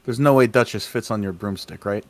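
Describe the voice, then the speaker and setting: A man playing a tabletop game, easygoing and quick to go along. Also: lowish voice, no echo. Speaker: player. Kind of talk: casual tabletop play.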